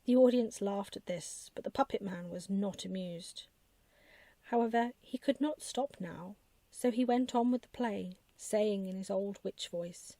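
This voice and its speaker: Woman, mid-pitched, gentle ASMR storyteller, whispered role-play, dry close mic. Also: measured pace, no room sound. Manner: soft bedtime storytelling.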